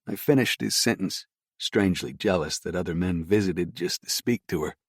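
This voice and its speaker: Low-voiced man narrating an audiobook. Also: moderate pace, slightly rough, dry recording, studio quality. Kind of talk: first-person audiobook narration.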